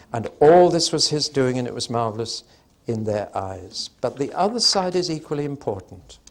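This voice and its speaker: To an audience, a medium-pitched man delivers Bible teaching with dry humor, conversational yet emphatic. Stressed words balloon abruptly and get drawn out.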